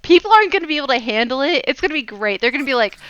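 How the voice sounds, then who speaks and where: American woman guest, brash and dramatic, bright crisp voice, dry recording. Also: sits high, expressive, rapid-fire, dry recording, dull audio. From USA. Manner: brash, dramatic, swears freely. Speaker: podcast guest, cosplayer. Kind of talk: casual chat.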